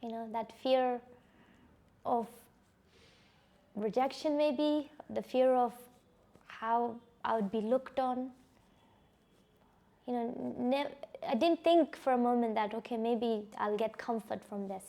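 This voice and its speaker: A woman's voice: on the high side, steady tone, slow pace, gravelly, pauses often, warm tone. A woman giving a personal testimony, speaking in a reflective, hesitant way with frequent restarts and "you know.". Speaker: survivor sharing her personal story.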